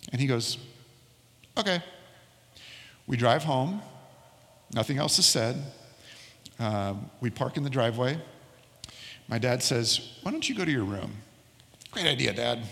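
Middle-aged pastor preaching in a reverberant hall. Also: male voice, mid-range voice, vocal fry, a bit bright. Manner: storytelling, slows down for emphasis. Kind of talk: sermon with personal story.

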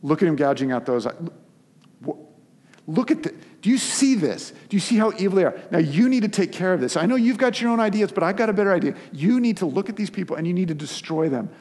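A man's voice: high voice, animated, fast talker, darkish tone, voice pushed up. A man voicing a whiny, pouting adult male prophet who pleads and insists in a childish way. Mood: whiny insistent. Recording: long hall reverb.

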